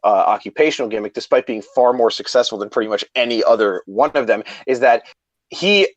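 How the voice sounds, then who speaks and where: Podcast cohost dude, says like a lot, kinda dull dry audio. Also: male voice, mid-range voice, expressive, brisk, no echo. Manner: chatty, hedging with many likes. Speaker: podcast co-host. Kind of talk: casual podcast chat.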